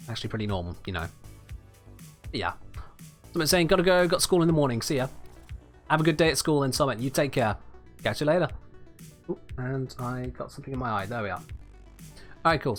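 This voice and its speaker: Chatty man streaming a game. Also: medium pitch. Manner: chatty, wry, reads out and answers chat. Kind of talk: casual livestream chat while gaming.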